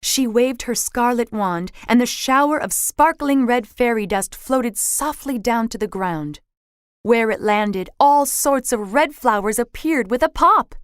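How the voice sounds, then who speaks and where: A woman reads a children's storybook aloud, slow and clear, her voice moving up and down. The sound is close and dry. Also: on the high side, animated, no echo.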